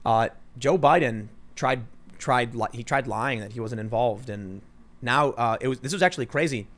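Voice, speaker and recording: A man hosts a casual podcast with an animated, sarcastic delivery. He reads viewer comments and slips into mocking voices when quoting people. His pitch sits in an ordinary middle range. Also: normal speed. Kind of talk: casual political chat.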